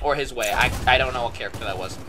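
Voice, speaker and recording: A man giving live gameplay commentary, excitable and profane, muttering one moment and shouting the next. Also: mid-range voice, racing, soft background music.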